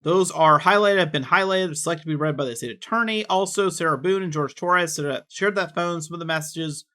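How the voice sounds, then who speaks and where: A man reading court records aloud with casual commentary, quick and offhand, dropping in personal asides. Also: a little high, pushed and bright.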